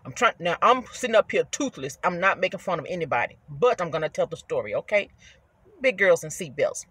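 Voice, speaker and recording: A woman in her fifties telling a casual story to her viewers from inside her car, chatty and animated. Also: lowish voice, brisk, slightly rough, no room sound. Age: 50s. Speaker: rideshare driver vlogger.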